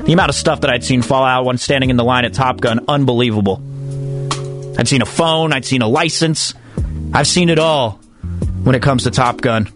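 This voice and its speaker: A man's voice: mid-range voice, a little fast, music in the background. A man hosting a sports radio show, talking in a comic, mock-dramatic way. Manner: animated, mock-dramatic, comic slam-poetry delivery.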